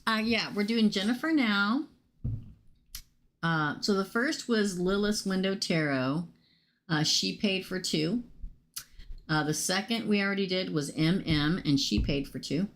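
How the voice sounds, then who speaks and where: A woman losing her voice, hosting a casual live tarot reading and chatting excitably with viewers she calls by name. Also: medium pitch, a little slow.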